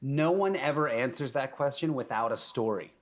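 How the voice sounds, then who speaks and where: A man's voice: medium pitch, lively intonation, normal speed. Chatty man giving casual advice. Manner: chatty, frequent fillers and restarts. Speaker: podcast guest.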